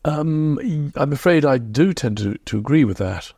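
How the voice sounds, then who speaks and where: A man being interviewed as a historian, explaining in a reflective, measured way. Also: fairly high pitch, lively intonation, darkish tone, husky, dry recording, clean studio sound. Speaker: historian guest. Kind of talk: podcast interview.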